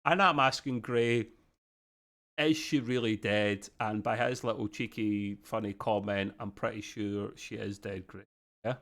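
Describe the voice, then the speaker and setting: A man's voice: on the low side, steady tone, measured pace, fairly bright tone. A middle-aged man co-hosting a casual review podcast, talking in a chatty way with British slang. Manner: chatty, uses British slang like "bloody" and "mate". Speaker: podcast co-host.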